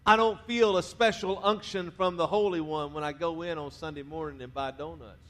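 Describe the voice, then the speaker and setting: Conversational pastor preaching. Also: male voice, on the high side, a little fast. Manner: conversational preaching, drops to quiet endings, rises to urge the crowd. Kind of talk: sermon. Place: church sanctuary.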